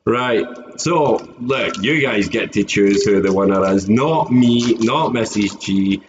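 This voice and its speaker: A man's voice: fairly low pitch, measured pace, slight background noise. A Scottish man chatting casually and joking on a live stream, often laughing, with a dull lo-fi sound. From Scotland. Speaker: streamer opening trading card packs.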